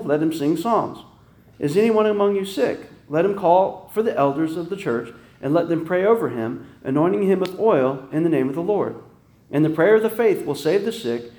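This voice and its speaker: A man's voice: a little high, dark tone. A man preaching an informal sermon, talking conversationally with many restarts and frequent "right?" checks. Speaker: pastor. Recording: echoey room.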